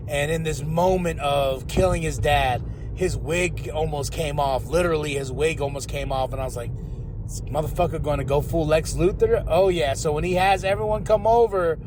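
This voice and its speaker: A man hosting a podcast, giving a casual, rambling, profane recap of a TV episode, with loud bursts when excited. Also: a little high, noisy background. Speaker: podcast host.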